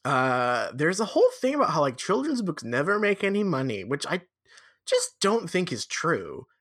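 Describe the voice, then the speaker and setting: A man's voice: a little high, normal speed. A man hosting a podcast, recapping a film in casual, jokey, profane chat. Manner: animated, profane, jokey storytelling. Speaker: podcast host.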